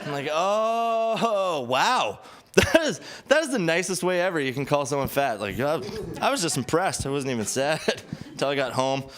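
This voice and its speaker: A man's voice: fairly high pitch, big pitch swings, brisk, fairly bright tone. A man doing a stand-up set on a club stage, rambling and self-deprecating, often laughing at his own jokes. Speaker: stand-up comedian.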